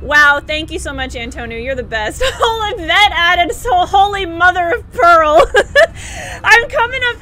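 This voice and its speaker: A young woman live-streaming a horror game, excitable, screaming and laughing at scares and gushing thanks to her viewers. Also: very high-pitched, a little slow, a little hiss or hum.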